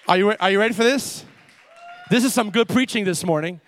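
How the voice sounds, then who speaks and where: A pastor preaching a lively sermon, with call-and-response and quick asides to the congregation. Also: male voice, high voice, a faint crowd.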